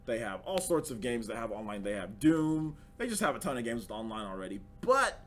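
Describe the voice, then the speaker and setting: A young man hosting a live gaming news stream, chatting casually, slangy and excitable, often repeating himself. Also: mid-range voice, brisk. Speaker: livestream host.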